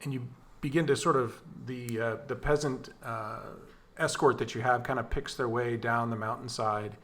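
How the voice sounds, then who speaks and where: A man as game master, narrating a tabletop game in a descriptive, unhurried storytelling way. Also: mid-range voice, fairly even intonation, fairly bright tone.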